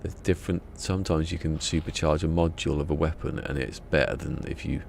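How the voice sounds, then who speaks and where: Very deep creaky man. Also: fairly even intonation, a little fast, a little mellow, a little hiss or hum. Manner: rambling, muttering to himself, chuckling. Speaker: streamer. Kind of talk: casual gameplay livestream chat. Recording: game music in the background.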